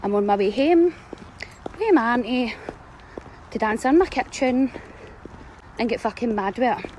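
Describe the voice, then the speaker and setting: A woman's voice: fairly high pitch, a little slow, darkish tone, a little hiss or hum, rough recording. A woman with a Scottish accent telling cheeky, sweary stories in a chatty way. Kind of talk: casual storytelling to camera.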